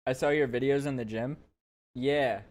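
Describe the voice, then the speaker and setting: A man's voice: mid-range voice, fairly even intonation, normal speed. Blunt joking man streaming reactions. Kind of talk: casual reaction commentary.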